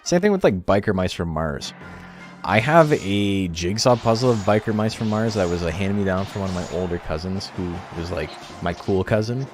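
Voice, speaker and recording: Super low-voiced dude rambling on his stream, chill and sweary, bit of music under it. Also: expressive, normal speed. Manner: laid-back, rambling, swears casually. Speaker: streamer commentating a game tournament. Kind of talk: casual stream chat.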